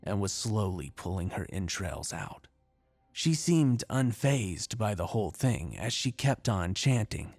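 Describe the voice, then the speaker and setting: A man with a fairly low voice tells a first-person horror tale in a measured, dramatic way. His voice sounds close and dry, with faint music underneath. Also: darkish tone, no echo. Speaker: horror story narrator.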